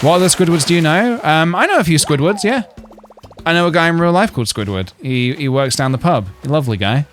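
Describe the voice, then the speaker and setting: A man's voice: fairly high pitch, expressive, quick pace, a bit bright, a little hiss or hum. A man chatting casually on a game stream, rambling through jokes and reading chat messages aloud.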